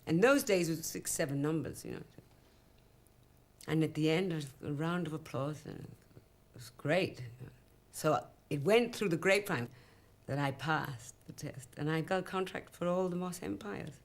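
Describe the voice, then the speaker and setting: A woman with a Welsh accent telling stories of her singing career in an interview, lively and acting out the dialogue she remembers, with many asides of "you know". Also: low voice, normal speed, creaky. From Wales. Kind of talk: reflective interview storytelling.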